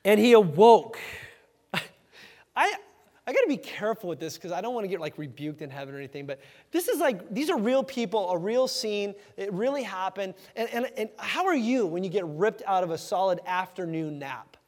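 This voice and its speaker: A man preaching a sermon in a lively, conversational way, acting out the voices in the story with sudden shouts. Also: sits high, normal speed. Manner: animated, conversational, acts out quoted voices with shouts. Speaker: pastor. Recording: hall reverb.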